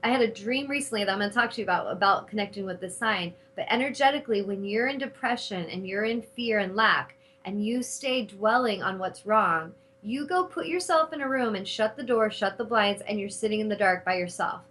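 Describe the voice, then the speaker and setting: A middle-aged woman hosting a spiritual talk show, speaking in an animated, casual way and cursing freely when she retells her anger. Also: medium pitch, brisk, hardly any pauses, low-quality recording. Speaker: host.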